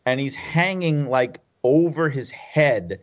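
A man's voice: mid-range voice, animated, takes it slowly. A man telling stories in a casual chat, rambling and laughing as he goes. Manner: rambling, laughs through anecdotes. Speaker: podcast guest. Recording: slightly dull lo-fi sound.

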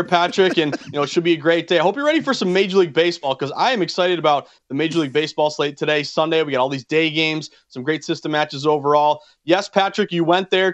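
A man from New England co-hosting a sports betting show, talking with quick enthusiasm and frequent restarts. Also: a little high. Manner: fast, enthusiastic, rambling with restarts. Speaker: co-host. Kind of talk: sports betting radio chat. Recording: slightly dull lo-fi sound.

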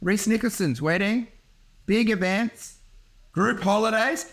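A man's voice: sits high, a little slow, fairly bright tone. A man, a comedian rambling through a casual podcast chat, laughing often and swearing freely.

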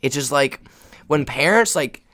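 A young man, a volleyball player co-hosting a casual chat, telling animated stories with quoted voices and frequent laughter. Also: mid-range voice, measured pace. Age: young adult. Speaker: volleyball player and podcast co-host.

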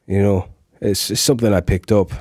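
Casting note: young man from Cyprus, low warm voice, relaxed chat, dry close sound. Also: fairly quick, breathy edge, no echo. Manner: chatty, laughs easily, slips into accent impressions. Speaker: voiceover artist and sound editor. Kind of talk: casual conversation.

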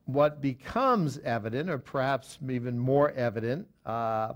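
A man's voice: mid-range voice, lively intonation, slow pace. A man teaching a Bible study, talking unscripted with many fillers and self-corrections, and reading verses aloud with added emphasis.

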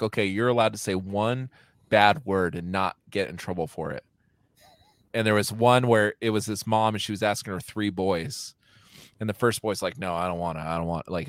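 Casting: thirties man, lower voice, dry close sound, loose swearing banter. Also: dry recording. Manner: animated, laughing, swears freely. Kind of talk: casual chat.

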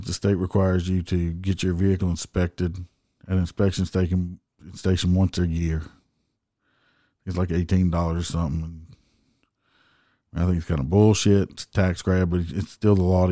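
Blunt, profane man, deep. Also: dark tone, no echo, clean studio sound. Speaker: motorcycle police officer, podcast host. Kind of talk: casual storytelling.

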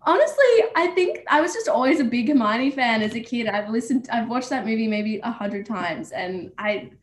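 A woman's voice: on the high side, animated, moderate pace. A young woman, an actor, chatting casually and bubbly in an interview over a video call. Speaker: actor guest. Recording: echoey room with faint noise.

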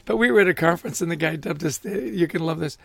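A middle-aged man with a high, gravelly voice and a husky edge, speaking as a guest in a podcast interview. He tells lively stories and acts out quotes with relish. The sound is close and dry. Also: quick pace, dry recording. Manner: animated storyteller, acts out quotes, laughs often. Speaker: guest author.

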